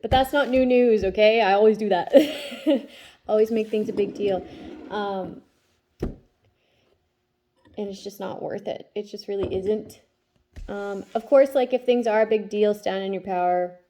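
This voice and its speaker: A woman's voice: mid-range voice, fairly even intonation, measured pace, long pauses, dark tone, a little hiss or hum. A woman in her thirties, a tarot reader talking casually about her day and her kids, often checking in with "okay?" as she goes. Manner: chatty, tags lines with "okay?". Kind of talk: casual spiritual vlog talk.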